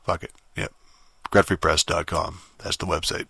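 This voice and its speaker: A man's voice: deep voice, fairly even intonation, moderate pace, gravelly, bright, forceful tone, husky, no room sound, clean studio sound. A man hosting a solo podcast, rambling in a casual rant, swearing heavily and filling gaps with ums and restarts. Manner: rambling, heavy swearing, many fillers and restarts. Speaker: podcast host.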